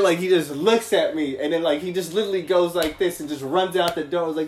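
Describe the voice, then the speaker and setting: A young man in casual podcast chat, telling animated stories with heavy slang and swearing. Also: a little high, quick pace, few pauses, roomy sound, faint music behind.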